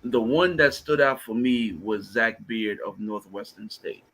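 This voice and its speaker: A man who coaches, talking about a race in a halting, soft-spoken way. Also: fairly low pitch, a crowd in the background. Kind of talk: casual sports talk.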